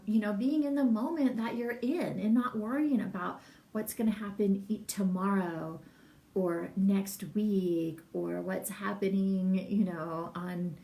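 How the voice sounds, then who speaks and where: A woman's voice: mid-range voice, vocal fry, mellow, reverberant, far from the mic. A middle-aged woman, a massage business coach, talking in a casual, rambling livestream and reading out viewer comments. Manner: chatty, rambling, laughs often, reads viewer comments.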